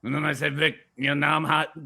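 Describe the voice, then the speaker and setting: A man doing an impression of a gruff conspiracy radio host who boasts and pushes his products, with a gravelly rumble in the back of his throat. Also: level tone, fast, sharp tone, exaggerated voice. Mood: boastful.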